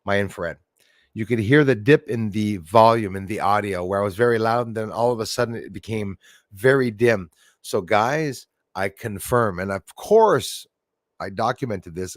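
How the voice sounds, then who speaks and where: A man with a Canadian accent speaks in a fairly low voice, close and dry to the mic. He hosts a livestream and tells his story in an animated, exclaiming way, sometimes rising almost to a shout. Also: no room sound. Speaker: livestream host.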